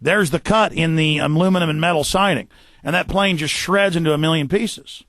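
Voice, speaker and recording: A man hosting a radio talk show, ranting fast and forcefully, tripping over repeated words. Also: on the high side, dry recording. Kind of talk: heated radio monologue. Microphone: studio microphone.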